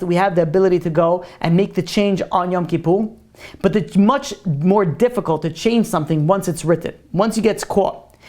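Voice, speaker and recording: A man's voice: high-pitched, a little mellow. A male rabbi leads a religious class and answers questions from students. He talks casually, easing into a parable before drawing out its lesson. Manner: informal, conversational storyteller.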